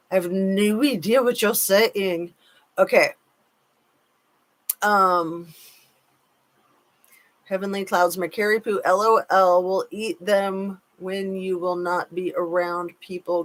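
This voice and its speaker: A woman's voice: fairly low pitch, fairly even intonation, slow, pauses often. A woman hosting a casual live chat, reading viewer comments aloud and hedging her points with care. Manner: chatty, reads comments aloud, cautious with hedging.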